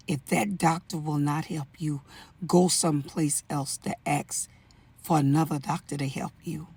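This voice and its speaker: Slow, gravelly older woman, earnest. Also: deep voice, darkish tone. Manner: earnest and pleading, warning other women. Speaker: storyteller sharing a family account. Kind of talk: personal testimony to camera.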